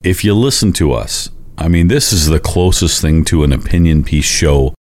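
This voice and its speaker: A man's voice: low voice, lively intonation, moderate pace, a little mellow. A man with a Canadian accent co-hosting a podcast, chatting casually, joking and swearing. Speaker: podcast co-host. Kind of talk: casual chat.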